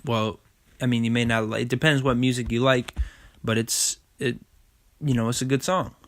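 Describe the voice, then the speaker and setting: A man's voice: mid-range voice, steady tone, moderate pace, fairly bright tone. A man giving an informal sermon, reading scripture aloud and checking in with "okay?" and "man" after each point. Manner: casual, repeats "okay?" and "man"; reads scripture aloud, stumbling on words. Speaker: preacher.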